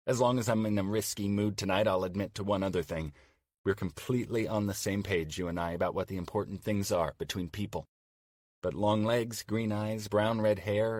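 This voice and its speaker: An actor playing a man in his forties who flirts by email, read warmly and playfully as an audiobook drama. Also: sits low, no room sound, clean studio sound. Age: 40s.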